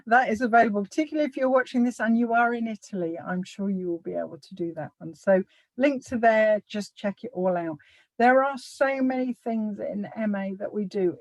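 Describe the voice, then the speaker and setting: A woman's voice: mid-range voice, darkish tone, no echo, low-quality recording. A woman hosting a live online workshop over a video call, upbeat and promotional, with some playful teasing. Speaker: workshop host.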